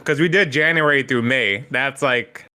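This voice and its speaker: A man's voice: mid-range voice, normal speed, bright, forceful tone, clean tone. A man co-hosting a review podcast, playful and joking in casual chat. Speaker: podcast co-host.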